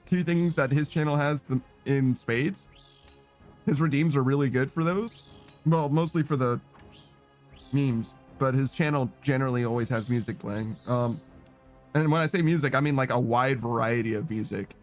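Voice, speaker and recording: A man streaming a game in casual chat, reading messages aloud, rambling, swearing often and laughing a lot. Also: medium pitch.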